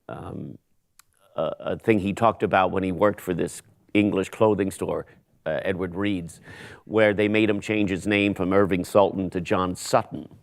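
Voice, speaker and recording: A man being interviewed as a stage actor, chatting casually and wryly, laughing between thoughts and often restarting his sentences. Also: lowish voice.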